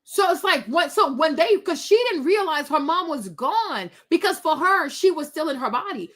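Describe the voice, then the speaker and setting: A middle-aged woman hosting her own show, telling a personal story to viewers in a chatty, animated way full of asides. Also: high-pitched, normal speed. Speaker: host.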